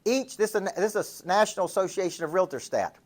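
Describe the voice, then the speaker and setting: A man's voice: high-pitched, fast. A man with a Southern US accent from Tennessee, giving a motivational business coaching talk full of stories and rhetorical questions. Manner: punchy storytelling, rhetorical questions.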